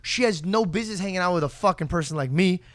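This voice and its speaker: A young man co-hosting a podcast, telling a story in a lively, profane way and acting out the people in it. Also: high voice, fast talker. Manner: profane, acts out voices of people in his stories. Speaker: podcast co-host. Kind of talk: animated casual storytelling.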